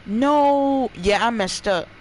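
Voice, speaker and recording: A gaming streamer giving live commentary while playing, jumpy, often yelling and laughing and talking to the chat. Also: mid-range voice, measured pace, slight background noise, low-quality recording.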